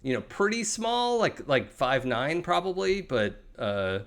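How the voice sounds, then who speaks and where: A man's voice: fairly high pitch, big pitch swings, unhurried, a bit bright. A young adult man narrating a tabletop role-playing game as game master, with many fillers and restarts.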